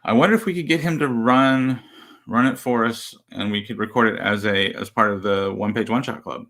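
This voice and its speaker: A man co-hosting a casual chat, easygoing and trailing off softly at times. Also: lowish voice, fairly quick. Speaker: podcast co-host.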